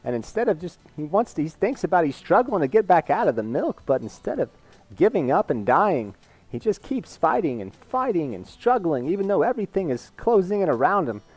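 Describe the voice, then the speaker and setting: A man doing an impression of a famous actor, speaking in a halting, emphatic way, higher than his usual voice. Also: very animated, a little mellow. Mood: earnest.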